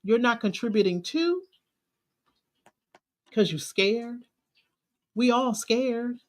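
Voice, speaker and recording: A woman's voice: lowish voice, fairly bright tone. A woman confidence coach, giving an emphatic, preachy motivational talk. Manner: preachy, emphatic, drawn-out phrasing.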